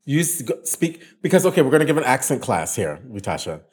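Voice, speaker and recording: A man hosting a casual chat, playful and animated, laughing often. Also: mid-range voice, fast talker. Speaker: host.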